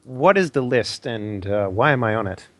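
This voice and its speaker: A young man playing a tabletop game, goofy and excitable. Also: medium pitch, moderate pace, slight background noise. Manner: goofy, excitable, laughing often. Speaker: player.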